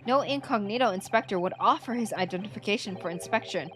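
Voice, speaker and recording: Brief: calm young lawyer, woman reading, formal and measured. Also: mid-range voice, faint music behind, natural voice.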